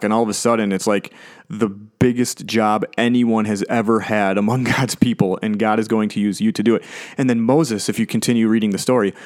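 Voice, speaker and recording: A man's voice: fairly low pitch, a little mellow. A man preaching a casual sermon, conversational and jokey, paraphrasing scripture in everyday speech.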